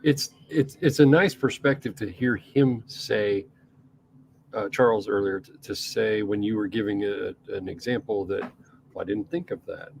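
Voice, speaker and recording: An East Coast man with a gravelly, low-pitched voice co-hosts a podcast. He rambles in casual chat, restarting his sentences and cursing now and then. Faint noise sits under his voice. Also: moderate pace, a little mellow, rough recording. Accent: East Coast American. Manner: rambling, with frequent restarts and profanity. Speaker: podcast co-host.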